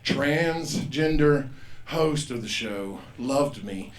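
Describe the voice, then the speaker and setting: A man's voice: medium pitch, lively intonation, drawn-out words, reverberant, a little hiss or hum. Profane man doing stand-up. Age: 50s. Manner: profane, rambling, acts out characters loudly. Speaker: stand-up comedian. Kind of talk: stand-up comedy set. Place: comedy club stage.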